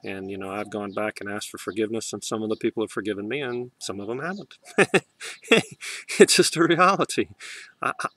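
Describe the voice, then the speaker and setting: Man in a self-filmed spiritual talk, low voice, gentle, emotional and halting. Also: fairly even intonation, no room sound. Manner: soft, emotional, halting with restarts. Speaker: vlogger. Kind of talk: heartfelt spiritual monologue.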